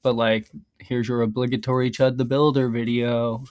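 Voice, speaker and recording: A man's voice: medium pitch, flat delivery, normal speed, a little mellow, clean tone. A man streaming casually, reading his own scripts aloud in a loose, rambling way, swearing a lot and often stopping to laugh at his own lines.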